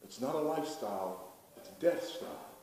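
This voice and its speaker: A man's voice: medium pitch, animated, a little fast, darkish tone. A man from the United States preaching a sermon in an emphatic, rhetorical way, repeating his key lines. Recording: very echoey hall, distant mic, faint noise.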